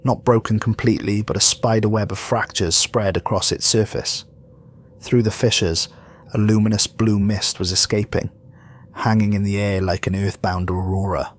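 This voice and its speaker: A man reading a scripted horror story in a measured, somber way. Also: on the low side, fairly even intonation. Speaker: narrator.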